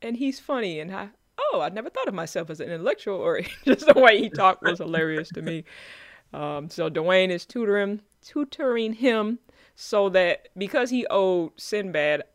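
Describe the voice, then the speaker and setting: A man co-hosting a podcast in casual chat, joking in slang and slipping into quick quoted voices. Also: high-pitched, a bit bright, no room sound, clean studio sound. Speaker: podcast co-host. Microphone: remote call.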